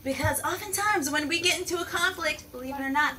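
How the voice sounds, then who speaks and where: A woman teaching children outdoors in a lively, playful way, calling the kids "my people" and "y'all.". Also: sits high, quick pace, recorded from a distance, poor audio. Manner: energetic, playful, calls the crowd "my people" and "y'all". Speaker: peace educator teaching children.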